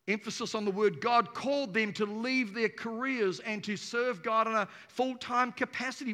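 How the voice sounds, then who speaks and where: Kiwi pastor preaching hard, punchy and playful, bright sharp voice bouncing around a big hall. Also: male voice, high-pitched, normal speed, few pauses. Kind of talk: energetic sermon. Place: large church auditorium. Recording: reverberant hall.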